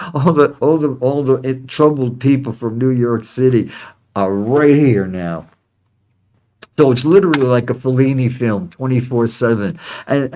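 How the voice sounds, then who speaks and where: A man hosting his own psychic channel speaks in a loose, wandering monologue, breaking off and starting sentences over and over. His voice sits at an ordinary middle pitch for a man. Now and then he turns heated and indignant. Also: a little mellow. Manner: halting, with many restarts and fillers. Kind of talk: rambling spoken monologue.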